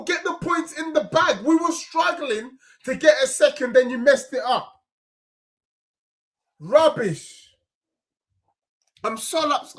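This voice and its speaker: A man's voice: extremely high pitch, a bit bright. A young man with a London accent, hosting a football reaction stream and ranting heatedly in slang, repeating his points. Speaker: football fan channel host.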